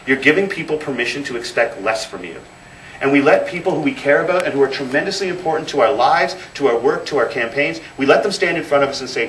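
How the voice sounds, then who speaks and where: A man's voice: a little high, lively intonation, fast talker, a bit bright. Man giving a speech in a roomy hall. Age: 30s. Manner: storytelling, emphatic repetition. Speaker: guest speaker. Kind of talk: motivational speech. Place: event hall. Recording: roomy, distant mic, faint noise.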